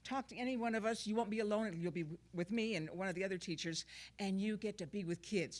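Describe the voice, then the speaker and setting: A woman who teaches the church youth, making an announcement. She sounds lively and encouraging and jokes along the way. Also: medium pitch, quick pace. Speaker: children's teacher. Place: church service.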